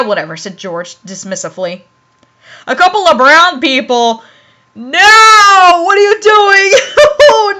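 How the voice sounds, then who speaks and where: A woman's voice: a little high, sharp tone. A woman reading fan fiction aloud with running commentary, giggling often and stumbling over words.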